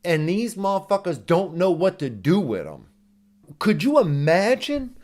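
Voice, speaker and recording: A man rants sarcastically through a reaction video, swearing at every turn. His voice sits a bit high and leaps all over the place as he mocks people by mimicking them. The energy stays heated and scornful throughout. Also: big pitch swings, measured pace, darkish tone. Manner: mimics others in exaggerated voices. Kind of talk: profane ranting commentary.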